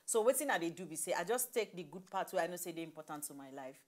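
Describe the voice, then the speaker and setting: A young woman with a Nigerian accent talks in a relaxed, chatty way on a television talk show. Her voice sits a little low, and she laughs often as she goes. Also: quick pace. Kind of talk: casual chat in Nigerian Pidgin.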